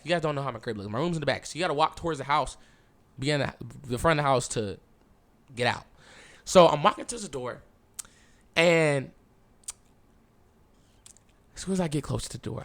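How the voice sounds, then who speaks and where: A young man hosting a podcast, telling a personal story in casual, slangy speech with lots of swearing and acted-out dialogue. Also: on the high side. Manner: animated, swearing, slangy, acts out past dialogue. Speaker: podcast host.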